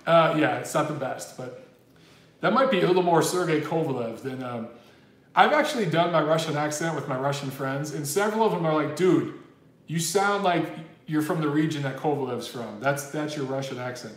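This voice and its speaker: A man with a fairly high voice hosts a casual boxing livestream at a moderate pace, his sound roomy. He reads super chats aloud, chatty and rambling, saying "dude" a lot.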